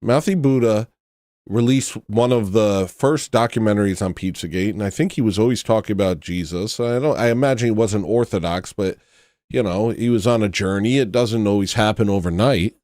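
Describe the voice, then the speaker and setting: A man's voice: lowish voice, normal speed, darkish tone, no echo, clean studio sound. A man hosting a casual livestream, chatting to viewers and gushing, sometimes dropping to a choked near-whisper. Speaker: livestream host.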